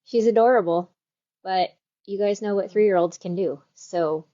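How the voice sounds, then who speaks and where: A woman hosting a yarn shop's live show, chatting casually and walking through products with quick, rambling asides. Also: medium pitch, dark tone, highs cut off. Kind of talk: casual chat with product demo.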